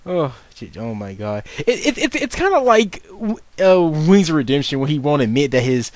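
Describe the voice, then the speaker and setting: Young man, swingy animated pitch, rambling, profane, self-mocking, stumbling restarts, dry close sound. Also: normal speed, no echo. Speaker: video commentator. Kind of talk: casual unscripted commentary.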